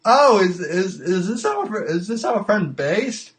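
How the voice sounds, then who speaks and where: A male podcast host chats casually with his live audience and callers, in a somewhat high voice. He talks slowly and haltingly, restarting phrases and trailing off with an amused tone. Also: slight background noise. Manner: halting, repeats words, amused. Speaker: podcast host taking calls. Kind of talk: casual live-stream chat.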